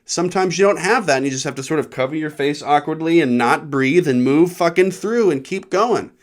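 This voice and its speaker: A man's voice: on the high side, brisk. A man from Nebraska, a comedian hosting his own show, telling a rambling, profane story. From Nebraska, USA. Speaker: comedian podcast host.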